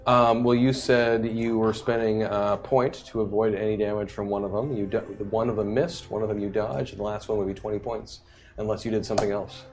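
A man running a tabletop role-playing game as game master, narrating events and settling rules in a relaxed, easygoing way. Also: fairly low pitch, fairly quick, slight background noise. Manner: relaxed, loses track of notes and names. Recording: faint background music.

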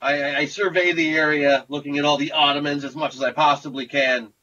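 A man's voice: fairly high pitch, steady tone, fairly quick, sharp tone. A man playing in a tabletop game, checking the scene and then stating his actions step by step. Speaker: player. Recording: dull lo-fi audio.

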